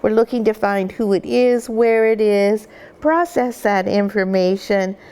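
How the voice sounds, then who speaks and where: A woman dog breeder giving an instructional demonstration, gently cooing at the puppies now and then. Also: medium pitch, measured pace, clear, resonant tone.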